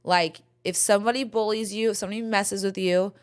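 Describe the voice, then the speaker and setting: A middle-aged woman hosting a podcast, telling stories in casual chat, animated and frank, swearing freely. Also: mid-range voice, brisk, clear, resonant tone. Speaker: podcast host.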